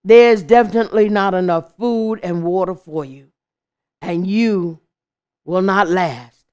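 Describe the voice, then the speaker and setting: A woman voicing a male lion king in a children's story, speaking in a calm, earnest, gently urging way. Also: on the low side, measured pace, smooth, voice pushed down, close to an everyday voice.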